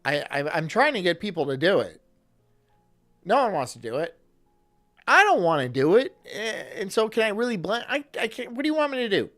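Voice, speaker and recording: A man's voice: high-pitched, sing-song, fairly quick, fairly bright tone, soft background music. A man streaming live, chatting crudely and jokingly with his viewers and laughing often. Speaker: streamer reacting to a video. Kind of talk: casual livestream chat.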